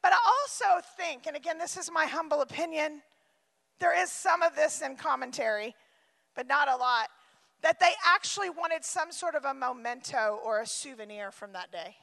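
A woman's voice: high-pitched, normal speed, vocal fry, bright, forceful tone, big-room sound. A woman pastor preaching a sermon, emphatic and repeating her phrases for effect, often slipping into acted-out quotes and asides.

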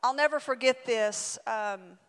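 A woman in her forties preaching a sermon and telling a story, swinging dramatically between loud and hushed delivery. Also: fairly high pitch, a little slow, clean tone. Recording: reverberant hall.

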